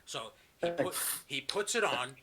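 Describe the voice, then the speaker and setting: A man's voice: fairly high pitch, lively intonation, heavy background noise. A man hosting a podcast, casually telling rambling, profane stories over a video call. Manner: fast, rambling storyteller, swears a lot. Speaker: podcast host. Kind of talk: casual chat.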